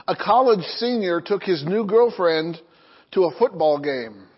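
A man's voice: high voice, lively intonation, a little slow, husky, dull audio. A man preaching to his congregation as pastor, reading jokes with chuckles and asking "amen?" between points. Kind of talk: sermon.

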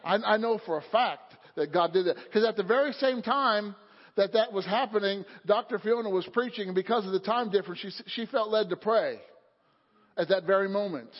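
A male pastor preaches to his church. His voice sits high, and he shifts from easy storytelling into loud, fervent exhortation. The recording is muffled and rings with long hall reverb. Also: brisk. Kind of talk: sermon. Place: church sanctuary.

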